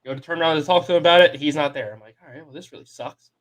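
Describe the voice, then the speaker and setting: A man's voice: a little high, racing. A young man co-hosting a sports podcast, telling a long story in a loose, casual way and quoting the people in it. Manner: animated storyteller, quotes people in his story. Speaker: podcast co-host.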